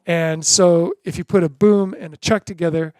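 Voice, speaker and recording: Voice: medium pitch, fairly even intonation, moderate pace, noisy background. A drum teacher giving a beginner lesson in an encouraging way, chanting drum syllables in rhythm.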